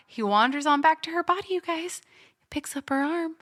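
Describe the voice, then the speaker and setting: A woman co-hosts a podcast and eagerly retells a film, speaking straight to her listeners. Her voice is bright and sharp, and the recording is dry and close with no room sound. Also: high-pitched, brisk, no echo. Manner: excitable, laughing storyteller who addresses listeners as "you guys". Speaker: podcast co-host. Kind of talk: casual movie recap chat.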